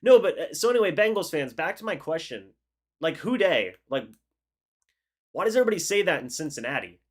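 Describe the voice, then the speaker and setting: Excitable young man calling plays live. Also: a little high, a little fast. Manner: excitable, chatty, reads chat aloud and calls plays. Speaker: live stream host reacting to football game. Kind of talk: live game reaction with play-by-play and chat replies.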